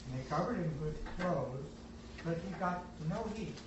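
A man in a study group reads a passage aloud in a soft, quiet voice. His voice sits a little high and comes from far off in a very echoey room. The sound is dull and muffled, with clear background hiss. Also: lively intonation, normal speed. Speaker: group member reading scripture aloud.

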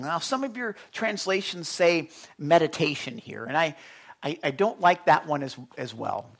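Earnest preacher man, hushed asides. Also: on the high side, animated, normal speed, vocal fry. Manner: earnest, lots of restarts, drops to a whisper for emphasis. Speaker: preacher speaking to young listeners. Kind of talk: sermon.

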